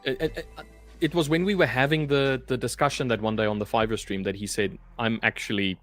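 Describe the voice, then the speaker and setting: A man's voice: mid-range voice, steady tone, brisk, a bit bright, soft background music. A South African man chatting casually as a co-host, often stumbling and repeating words as he starts a thought. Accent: South African English. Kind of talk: casual chat.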